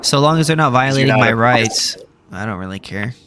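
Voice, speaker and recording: A man's voice: mid-range voice, expressive, fast, noisy background. A man hosting a casual group chat on a headset, laid-back and joking. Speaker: stream host.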